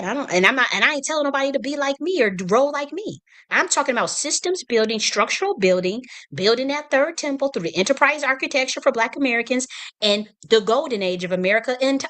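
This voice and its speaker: A woman's voice: fairly low pitch, fairly bright tone. Fiery, profane woman ranting on livestream. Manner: heated, profane, repetitive restarts. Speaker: livestream host. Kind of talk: impassioned political livestream rant. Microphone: streaming mic.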